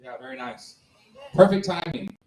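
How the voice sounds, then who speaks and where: A man's voice: sits high, moderate pace, vocal fry, recorded from a distance. A man hosting an open mic, chatting casually with comics and full of fillers. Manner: friendly, filler-heavy encouragement. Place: comedy club. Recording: echoey club with loud noise.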